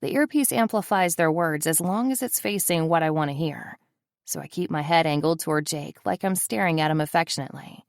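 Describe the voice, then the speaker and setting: A woman's voice: sits low, lively intonation, moderate pace, vocal fry, no room sound. A woman narrating a first-person audiobook in a wry, sardonic manner, close to the mic.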